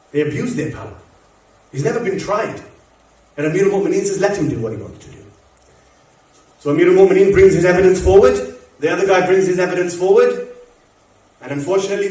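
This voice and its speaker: A man giving a Muharram lecture, telling stories with quoted dialogue. His voice drops low and soft at emotional moments. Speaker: Muharram speaker. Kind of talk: religious lecture storytelling. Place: mosque or community hall. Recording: echoey hall from far off.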